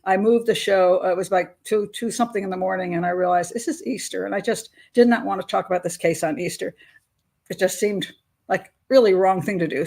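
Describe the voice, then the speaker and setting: A woman's voice: medium pitch, gravelly. An older woman hosting a live stream, chatting casually and rambling with frequent laughs. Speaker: host.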